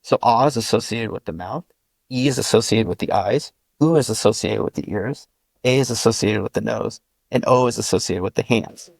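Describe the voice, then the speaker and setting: Gravelly man explaining language sounds. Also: on the low side, brisk, no room sound. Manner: methodical, spells out sounds with examples. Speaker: linguist guest explaining his constructed language. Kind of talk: patient step-by-step explanation.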